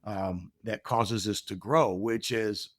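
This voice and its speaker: A man's voice: on the low side, steady tone, slow pace, no room sound. Earnest middle-aged man, dry close sound. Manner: earnest, reflective, acts out quoted dialogue. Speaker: podcast guest. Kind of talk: candid personal storytelling.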